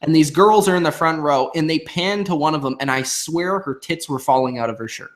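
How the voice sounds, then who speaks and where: A young man casually recapping a wrestling show, slowing down to quote the promos he retells. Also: a little high.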